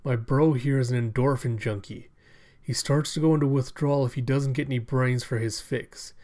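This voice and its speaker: A man's voice: medium pitch, fairly even intonation, normal speed, mellow, lightly acted. A man reading a comic aloud, voicing a cruel, gloating male cyborg thug in a raised, taunting voice.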